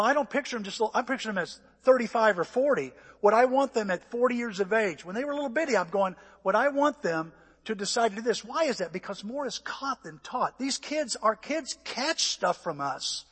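High-voiced, husky older pastor preaching. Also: male voice, a little fast. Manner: animated storytelling, acting out voices and shouts. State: out of breath. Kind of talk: sermon. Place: church. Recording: echoey church hall.

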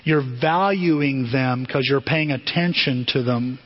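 Husky-voiced male pastor preaching. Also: mid-range voice, takes it slowly. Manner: conversational preaching with rhetorical questions. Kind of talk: sermon. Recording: dull lo-fi sound.

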